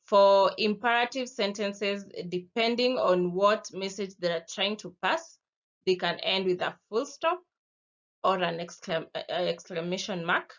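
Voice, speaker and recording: Kenyan woman teacher, slow and patient delivery, dull lo-fi recording; reads well for a classroom lesson. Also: mid-range voice. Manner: slow, patient, explaining with spoken examples. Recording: dull lo-fi sound.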